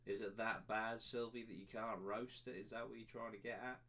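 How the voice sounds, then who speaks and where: A man's voice: fairly low pitch, little pitch movement, brisk, a bit bright, slight background noise. Sweary young man hosting a podcast. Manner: crude, sweary, jokey, laughs often. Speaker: podcast host. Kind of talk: casual podcast banter reading chat comments.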